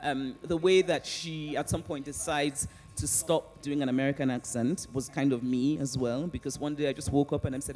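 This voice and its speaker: A woman, an author, answering audience questions on stage in an animated way, often laughing and restarting her sentences. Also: low voice, fairly quick. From Nigeria. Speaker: author guest at a book festival. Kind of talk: onstage conversation and audience Q&A.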